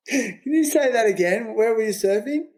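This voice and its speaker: A man's voice: very high-pitched, a little mellow. A man hosting a podcast, asking questions in a teasing, jokey way with lots of fillers. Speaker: podcast host. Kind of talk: casual interview chat.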